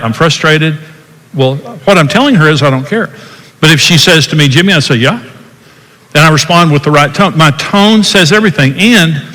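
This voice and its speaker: An older man teaches on marriage in a folksy, repetitive way and acts out tones of voice as he goes. His voice sits fairly high and sounds bright and forceful. A long hall reverb trails behind his words.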